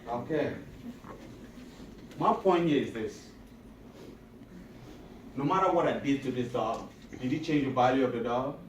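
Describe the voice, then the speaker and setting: A man gives a motivational talk to a room of high schoolers, repeating points emphatically and asking the crowd questions, at a moderate pace with frequent pauses. Recorded from far off the mic, his voice echoes around the hall over a faint room hum.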